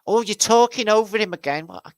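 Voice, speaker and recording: A man's voice: high voice, animated, fast, no room sound, pitched above the performer's own voice. A man voicing a fussy elderly woman who shushes her husband and fusses over a show.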